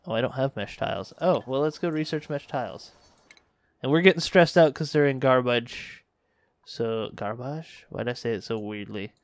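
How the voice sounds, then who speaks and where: A man's voice: mid-range voice, animated, normal speed, no room sound. Man musing over a colony sim. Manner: thinking aloud, musing and self-correcting. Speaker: let's play host. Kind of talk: casual gameplay commentary.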